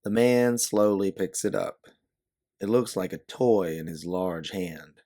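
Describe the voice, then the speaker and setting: A man narrating a second-person audiobook story in a steady, measured way. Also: low-pitched, no room sound, clean studio sound.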